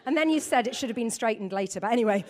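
High-voiced woman preaching with playful humor. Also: very fast, some chatter behind, a little hiss or hum. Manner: animated, laughing, acts out voices. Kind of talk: lively sermon with humor.

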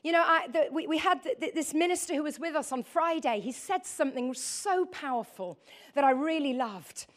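Animated, high-voiced woman preaching. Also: normal speed. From north of England. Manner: animated, asks the audience questions, chatty asides. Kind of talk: lively sermon to a congregation.

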